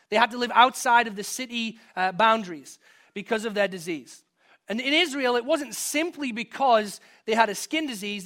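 A pastor preaches from the pulpit in a high, bright, ringing male voice, and he comes from outside the US. He blends scripture readings with easygoing personal stories in a conversational, storytelling manner, building to emphatic peaks on his main points.

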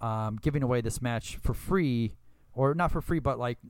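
A man's voice: medium pitch, moderate pace, darkish tone, clean tone, dry recording. A man co-hosting a podcast, chatting casually and wryly while recapping a match. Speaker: podcast co-host. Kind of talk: casual wrestling recap chat.

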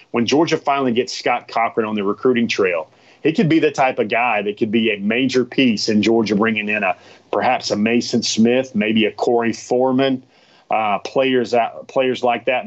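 Chatty man hosting a lo-fi live stream. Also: medium pitch. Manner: rambling, chatty, repeats himself. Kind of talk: casual live-stream talk to viewers.

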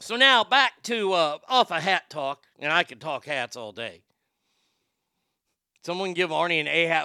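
Male host, high gravelly voice, loose cursing banter, clean dry mic. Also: lively intonation, measured pace, bright, forceful tone, no echo. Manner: loose, joking, profane banter. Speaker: show host. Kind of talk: casual rambling chat show.

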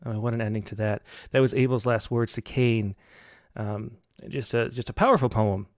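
A man hosting a poetry show, introducing poems in a relaxed, halting way with many fillers. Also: medium pitch, no room sound, studio quality. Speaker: podcast host.

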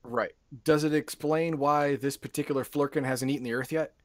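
A man's voice: on the high side, steady tone, moderate pace, no room sound. A man in casual chat, answering with short agreements and dry quips.

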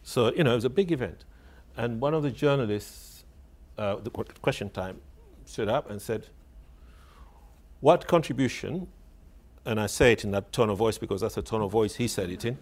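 The speaker, a male author on radio, has a fairly low, slightly mellow voice and talks a little fast. His reflective storytelling is hesitant, full of repeated words as he searches for phrasing, with wry laughter throughout.

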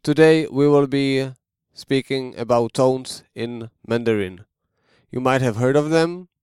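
A man's voice: medium pitch, a little slow, a little mellow, clear, resonant tone, dry recording, studio quality. A man teaching a language lesson, explaining carefully and modeling sounds for the listener to repeat.

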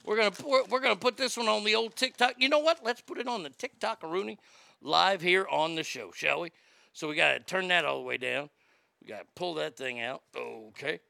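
A man in his late forties hosting a live show, ranting crudely and mockingly, swinging between loud outbursts and mutters. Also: fairly high pitch, fairly quick, vocal fry, no echo. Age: late 40s. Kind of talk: crude comedic rant.

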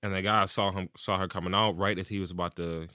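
A man's voice: low voice, steady tone, fast talker, bright, forceful tone, no room sound, studio quality. A man in casual chat, animatedly retelling stories and acting out what people said, with plenty of swearing.

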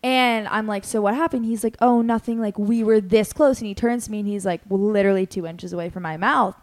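A young woman hosting a podcast, telling a story in casual chat, animated and full of "like" fillers as she acts out what people said. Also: mid-range voice, a little fast. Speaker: podcast host.

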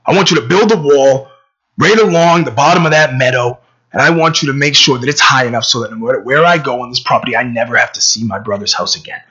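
A man's voice: medium pitch, quick pace, sharp tone, breathy edge, highs cut off. A man voicing a wealthy, hot-tempered older brother who talks bluntly and casually. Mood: resentful.

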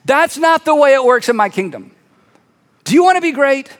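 A man voicing a patient male teacher who urges his followers to serve, earnest and gently insistent. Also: extremely high pitch, lively intonation, moderate pace, pitched above the performer's own voice. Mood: teaching. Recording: long reverb of a large hall.

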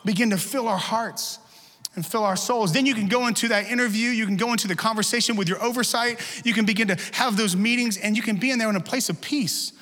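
A male pastor giving a lively, conversational sermon full of humor in a church. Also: high voice, quick pace, long reverb tail. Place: church sanctuary.

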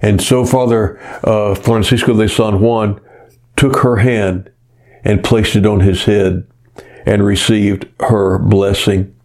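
A male pastor preaching a sermon, telling stories earnestly and often pausing on "uh". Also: fairly low pitch, flat delivery, darkish tone. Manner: earnest storytelling, frequent "uh" pauses.

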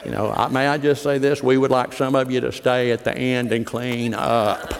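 Folksy preacher in a big hall. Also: male voice, medium pitch, fairly even intonation, normal speed. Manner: folksy, joking storyteller, rising to emphatic preaching. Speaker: pastor. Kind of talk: sermon. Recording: long hall reverb.

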